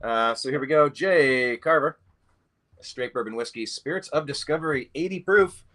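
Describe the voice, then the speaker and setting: A man's voice: mid-range voice, moderate pace, a bit bright. A man hosting a casual podcast chat, playful and rambling, tasting whiskey with a guest. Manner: playful, rambling, mock-grand intros. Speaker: host. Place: Louisville, Kentucky.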